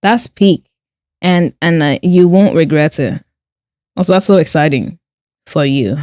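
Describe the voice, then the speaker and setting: A woman's voice: sits low, a little slow, a little mellow, no room sound, clean studio sound. A woman art streamer who chats casually while she draws. She reads her chat aloud, answers with playful sarcasm and laughs often.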